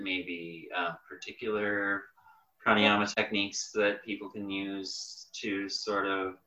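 Slow, deep-voiced man in a roomy, dull recording. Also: bright, forceful tone. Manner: hesitant, with fillers. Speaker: podcast host. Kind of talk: casual podcast interview.

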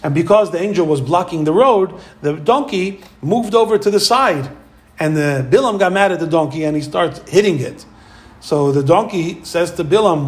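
High-voiced animated male Torah teacher. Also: normal speed. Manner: animated storyteller acting out quoted voices. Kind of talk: Torah lecture.

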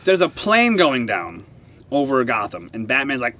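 A man hosting a casual comic-book podcast, retelling the story with excited, animated energy. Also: medium pitch, moderate pace. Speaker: podcast host.

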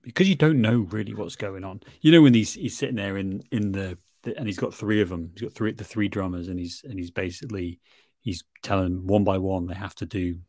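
A man talks through a film in relaxed chat, thoughtful but full of stammered restarts. He swears now and then. The voice is low and the recording close and dry. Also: a little fast, no room sound. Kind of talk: casual film discussion.

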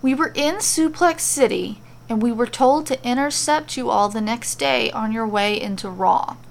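A woman's voice: a little high, moderate pace, creaky, slight background noise. A woman voicing a confused, nervous blond warrior man who explains himself with frustrated emphasis.

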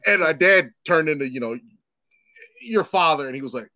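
A man in his thirties co-hosting a casual chat, an animated storyteller who swears and acts out quotes. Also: fairly high pitch, quick pace, no room sound, dull audio.

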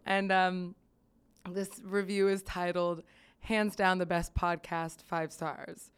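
A woman's voice: on the low side, little pitch movement, slow pace, clear, resonant tone. A woman hosting her own podcast in casual chat, giggling often, rambling with fillers and swearing freely. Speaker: podcast host.

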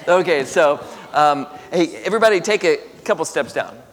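In a large, echoey room with a piano, a man with a fairly high, animated voice leads an interactive Bible lesson for a class at normal speed. He chats away, asks lots of questions, laughs often and leans on fillers.

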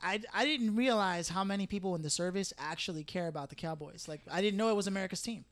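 A man's voice: sits high, fast talker, a bit bright. A man chatting casually on a podcast while gaming, joking and talkative.

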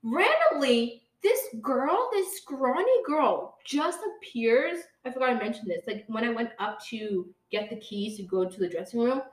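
A young woman chats through a story on her podcast. Her voice is a little high, and the talk is full of "like" and asides to the listeners. The sound is roomy, with the mic set back from her. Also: lively intonation, unhurried, hardly any pauses, far from the mic. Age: young adult. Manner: chatty, says "like" a lot, talks to listeners as "guys". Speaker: podcast co-host. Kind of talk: casual storytelling.

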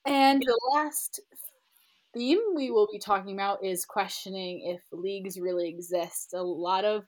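A woman's voice: medium pitch, steady tone, a little slow. A woman hosting a book club podcast, chatting enthusiastically and often trailing off. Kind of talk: casual chat.

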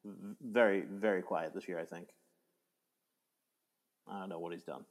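A man with a fairly low voice, chatting casually as a podcast co-host. He hesitates often and fills pauses with ums. His delivery stays low-key and unhurried. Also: fairly even intonation. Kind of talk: casual chat.

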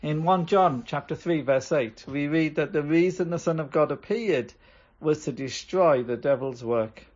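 A pastor preaches in an earnest, emphatic way. His voice sits a little high for a man. The recording sounds dull and lo-fi. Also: unhurried, a little mellow. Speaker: pastor leading the service. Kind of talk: sermon.

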